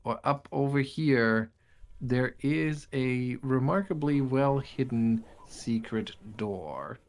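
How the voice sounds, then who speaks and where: A man narrating as game master of a tabletop game, describing rooms in a relaxed way with frequent fillers. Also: mid-range voice, slow.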